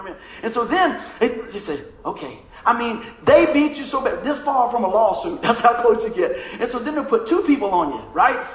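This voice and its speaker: A man's voice: high-pitched, fairly bright tone, echoey room, slight background noise, rough recording. A middle-aged man, preaching a sermon full of funny personal stories and laughing along as he tells them. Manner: folksy and humorous, laughs through stories. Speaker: pastor. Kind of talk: storytelling sermon.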